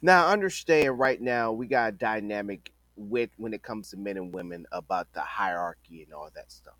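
A man's voice: lowish voice, normal speed, a bit bright, dry recording. Emphatic man talking casually, dry sound. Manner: conversational, emphatic, repeats phrases. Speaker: podcast host. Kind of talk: casual opinion monologue.

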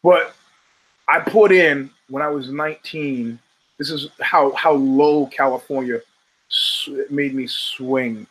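A man in his fifties from the United States rants on his podcast about fight results, heavy on profanity and meandering tangents, delivered emphatically. His medium-pitched voice is steady and a bit bright, and he goes at a slow pace. The recording is rough.

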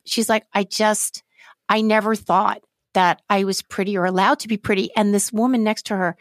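A woman's voice: mid-range voice, a bit bright, no room sound. A woman co-hosting a podcast in casual chat, earnest and easily moved, rambling through her thoughts. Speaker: podcast co-host.

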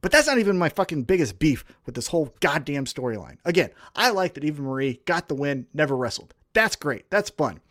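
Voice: medium pitch, very animated, brisk, hardly any pauses, a bit bright, dry recording. This is a podcast co-host in full rant, cursing and exasperated, voice swinging up and down with real animation. The sound is close and dry, with no room around it. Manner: heated, profane ranting.

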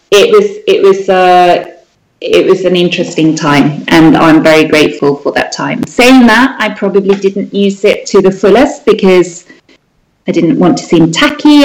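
A woman tells her story as an interview guest in a lively, animated way. Her voice sits fairly low, and the room around her rings with echo. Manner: animated, lively retelling with quoted outbursts. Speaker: jewellery designer, interview guest.

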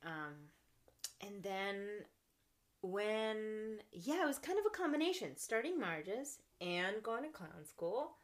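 A young woman talking in a casual podcast interview, animated, laughing often and acting out her own thoughts. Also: mid-range voice, slow. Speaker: podcast guest, actress and clown.

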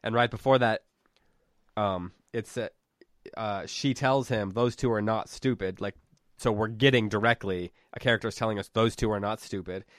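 Low-voiced male teacher leading discussion. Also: fairly even intonation, moderate pace, a bit bright, no room sound, studio quality. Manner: thinking aloud, with fillers. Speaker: literature teacher.

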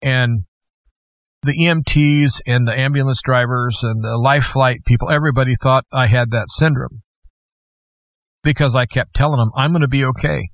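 A man's voice: medium pitch, fairly even intonation, normal speed, dry recording. A middle-aged man, a guest host, telling a personal testimony in a plainspoken, conversational way with folksy asides.

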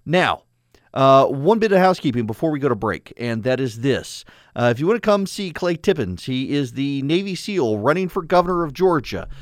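A man hosting a talk radio show, sarcastic and animated, laughing at his own jokes. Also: medium pitch, moderate pace, dry recording, clean studio sound. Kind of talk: conservative talk radio monologue. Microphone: studio microphone.

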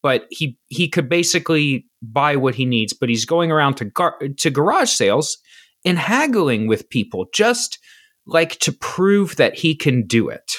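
Co-host, man, loose meandering storyteller, lively rise and fall. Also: on the high side, a little slow. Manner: rambling storytelling with fillers, easy agreement. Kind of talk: casual chat.

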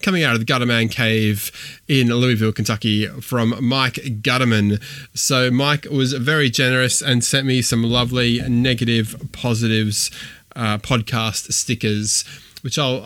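A man's voice: medium pitch, a bit bright, no echo. Brief: male podcast host, chatty and rambling, dry studio sound. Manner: chatty and rambling, with fillers and restarts. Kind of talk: casual podcast chat.

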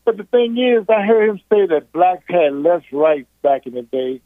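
Southern-accented male caller, high voice, tinny phone line, pushy and repetitive. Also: lively intonation, normal speed, no echo. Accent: Southern American. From Virginia. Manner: insistent, repeats himself to hold the floor. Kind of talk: heated phone call.

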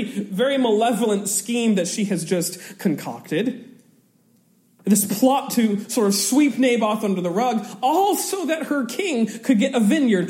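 Male Bible teacher, animated and chuckling, high-pitched, roomy sound. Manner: animated, chuckles often, reads scripture aloud.

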